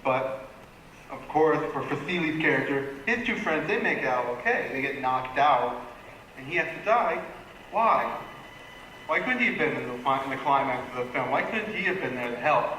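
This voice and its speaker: A man from the audience puts a casual, earnest question to the panel. His voice sits at an ordinary pitch with a bright, forceful edge. The sound bounces around a large hall, with faint noise underneath. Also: animated, moderate pace. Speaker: audience member asking a question. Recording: echoey convention hall with noise.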